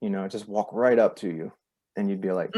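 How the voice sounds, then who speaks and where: Male host, low dark voice, loose rambling storyteller. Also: fairly quick. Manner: rambling storyteller, many fillers. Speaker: podcast host. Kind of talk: casual chat.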